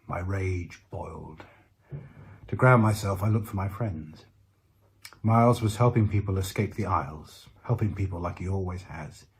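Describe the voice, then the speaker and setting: A man narrating a first-person story aloud in a measured, reflective way with dramatic pauses. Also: low voice. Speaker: narrator voicing the lead character. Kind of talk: first-person audiobook reading.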